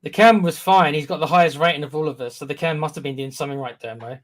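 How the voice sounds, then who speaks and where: A man's voice: on the high side, fast talker. A man co-hosting a casual fan live stream, teasing and bantering with his co-host. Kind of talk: casual chat.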